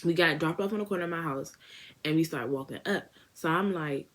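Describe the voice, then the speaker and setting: A woman's voice: deep voice, fairly quick, fairly bright tone. A young woman from Washington, D.C., casually telling a slangy storytime vlog and acting out her friends in quoted voices. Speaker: beauty vlogger.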